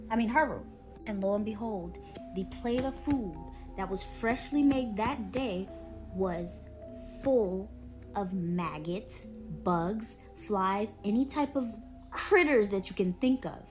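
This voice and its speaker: A woman's voice: mid-range voice, lively intonation, slow pace, faint music behind. A woman narrating a creepy folklore story in a chatty, dramatic storytime style.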